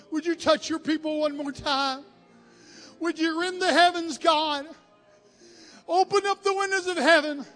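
A man preaching a Pentecostal revival sermon, praying in a fervent, chanting way that rises to crying shouts. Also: extremely high pitch. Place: church sanctuary at the altar. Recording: music behind, long church reverb.

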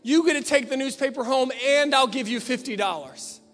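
A man's voice: very high voice, brisk, fairly bright tone. A man preacher voicing a rich man who keeps pressing a deal, coaxing and pushy. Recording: long church reverb with faint piano.

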